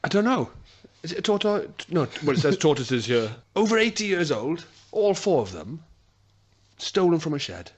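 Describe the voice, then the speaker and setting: A man's voice: on the high side, big pitch swings, normal speed, slightly rough. A man hosting a casual radio chat, teasing his guest and laughing often. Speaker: radio host.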